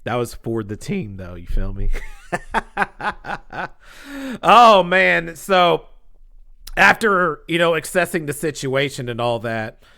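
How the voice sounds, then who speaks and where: A man's voice: on the high side, slow pace, vocal fry, long pauses. A man telling a casual story on his vlog in a dramatic way, full of slang and sound effects. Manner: animated, dramatic, acts out scenes and sound effects; casual slangy speech with lots of fillers. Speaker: storytelling vlogger.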